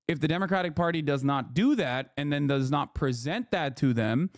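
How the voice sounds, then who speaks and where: A man's voice: on the high side, expressive, normal speed, no room sound, studio quality. Impassioned man ranting politics. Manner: impassioned, ranting, with sarcastic voiced asides. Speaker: streamer reacting to news. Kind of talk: heated political commentary.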